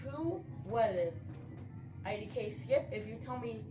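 A woman giving live commentary while playing an online game, narrating her own moves and swinging from low mutters to shouted outbursts. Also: expressive, unhurried, music in the background. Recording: roomy echo.

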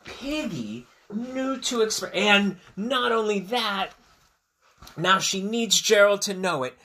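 Expressive teacher reading aloud, man. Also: sits high, takes it slowly, reverberant. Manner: expressive, asks listeners questions. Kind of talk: picture-book read-aloud for children.

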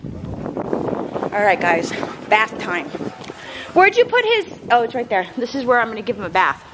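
A woman's voice: fairly high pitch, wildly swooping pitch, normal speed, a bit bright. A woman in her thirties chatting casually to camera as a family vlogger, rambling and calling viewers "guys". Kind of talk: casual vlog chat to camera.

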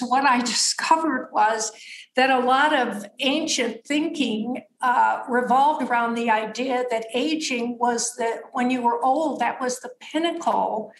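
A woman's voice: a little high, a bit bright, echoey room. Slightly scratchy woman in her seventies. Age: 70s. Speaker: guest, author. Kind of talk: conversational storytelling.

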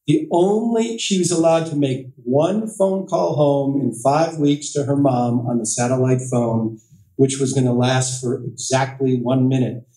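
A man's voice: mid-range voice, a little slow, dark tone. A middle-aged man giving an author's talk at a library, telling anecdotes with self-deprecating humor and quoted voices. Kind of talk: storytelling talk to an audience. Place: library meeting room. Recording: echoey room, distant mic.

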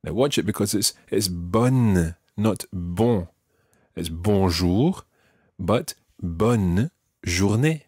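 A male language teacher with a fairly low, slightly husky voice that moves up and down a lot as he explains. He walks patiently through each phrase and models its pronunciation for the learner. The sound is close and dry. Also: lively intonation, slow, no echo. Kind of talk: podcast language lesson.

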